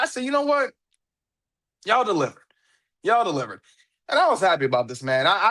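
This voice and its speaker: A young man with a high-pitched voice hosts a casual wrestling podcast. He talks excitably into a podcast mic, repeats himself and laughs a lot. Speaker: podcast host.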